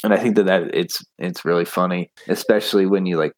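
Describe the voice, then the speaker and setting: A man's voice: low voice, steady tone, brisk. A young man from West Virginia co-hosting a podcast, casually retelling book scenes with jokes and swearing. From West Virginia, USA. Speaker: podcast co-host.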